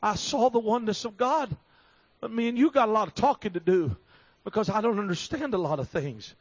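A man preaching a revival sermon in a fervent, storytelling way that builds to emphatic shouting. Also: high-pitched, animated, fairly quick, dry recording. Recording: slightly dull recording.

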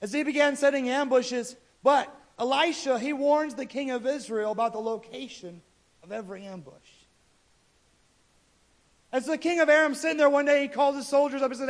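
Man, preacher, very high voice, casual animated sermon storytelling. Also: fairly quick. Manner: casual, animated retelling of scripture.

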